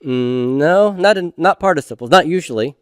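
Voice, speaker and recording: A man's voice: fairly high pitch, animated, normal speed, clean tone, no room sound, clean studio sound. A middle-aged man teaching a recorded grammar lecture. He patiently asks questions and then answers them himself.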